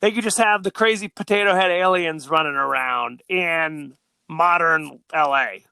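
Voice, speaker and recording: Male co-host, high and sharp voice, rambling casual movie chat, lots of ums, dry close sound. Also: measured pace, gravelly, clear, resonant tone, no room sound. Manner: rambling, laughing, many fillers. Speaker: podcast co-host.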